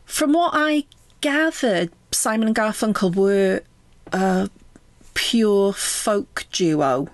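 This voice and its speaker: A woman's voice: medium pitch, lively intonation, slow pace, dry recording. A woman talking casually and chattily, reviewing an album track by track with frequent ums. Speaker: music reviewer.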